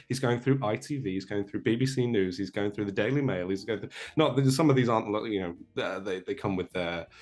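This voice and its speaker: Rambling young Englishman telling a story. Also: lowish voice. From England. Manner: rambling, self-deprecating, many fillers and restarts. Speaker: guest. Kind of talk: casual storytelling. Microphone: remote call.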